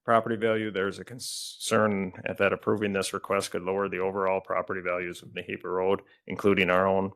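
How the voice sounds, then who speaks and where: A man reads letters into the record at a public meeting. His voice is very low and gravelly, and his delivery stays flat and even, with small stumbles here and there. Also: brisk, hardly any pauses. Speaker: committee staff reading correspondence. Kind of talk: reading letters aloud at a meeting.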